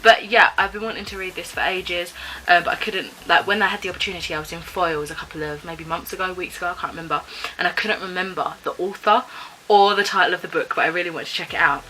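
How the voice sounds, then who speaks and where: Chatty British woman, bright voice. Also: fairly low pitch, fairly even intonation, quick pace, slight background noise, low-quality recording. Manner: chatty and rambling, with frequent ums and self-corrections. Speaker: book vlogger. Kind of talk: casual vlog chat.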